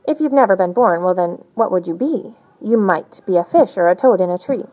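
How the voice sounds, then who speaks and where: A woman reading a rhyming picture book aloud in an animated, sing-song storytelling manner. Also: on the low side, a little fast, few pauses, muffled recording. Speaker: storybook reader.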